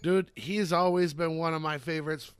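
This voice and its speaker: A man's voice: fairly high pitch, steady tone, moderate pace. A man co-hosting a podcast, reading listener questions in an easygoing, casual way. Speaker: podcast co-host. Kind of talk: casual chat.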